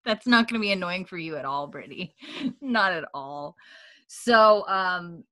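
A woman with a lowish voice chats casually as a podcast co-host, retelling scenes in a loose, chatty way. She keeps dropping in "like" and small laughs. The recording is close and dry, with no room sound. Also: lively intonation, takes it slowly, bright, forceful tone, dry recording. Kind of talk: casual episode recap chat.

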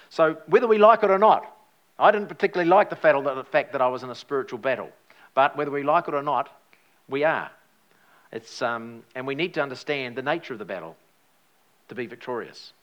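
Animated man preaching. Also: medium pitch. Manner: animated storytelling, acts out his own past words. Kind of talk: sermon testimony.

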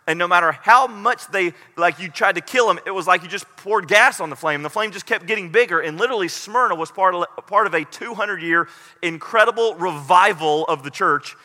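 Middle-aged pastor guy, higher voice, preaching earnest in a big echoey church. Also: fairly quick, sharp tone. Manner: earnest, rising to pleading intensity. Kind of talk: sermon.

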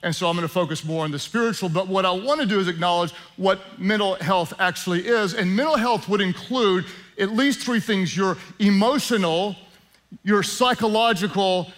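High, bright-voiced male pastor preaching. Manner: conversational, joking asides, prayerful slowing. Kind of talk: sermon.

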